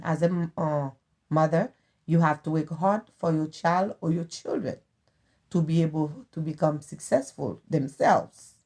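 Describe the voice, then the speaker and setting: A middle-aged Haitian woman with a Haitian accent, talking earnestly and haltingly as a guest in a family interview. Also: fairly low pitch, creaky, warm tone, breathy edge. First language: Haitian Creole. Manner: earnest, halting, repeats phrases. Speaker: guest, host's mother.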